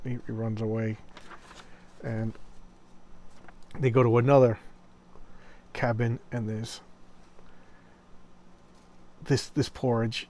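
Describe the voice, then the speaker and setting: Speaking with a medium-pitched, mellow voice, a male comic book video host goes over old horror comics in a casual review. His delivery is flat and measured with long pauses, there's slight background noise, yet he retells the stories with enthusiasm, rambling chattily and briefly acting out quoted lines.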